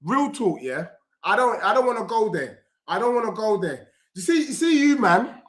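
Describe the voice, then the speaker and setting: A young man streaming a live football watchalong, reacting loudly and reading chat messages aloud. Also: high-pitched, normal speed. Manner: excitable, loud, reads chat messages aloud.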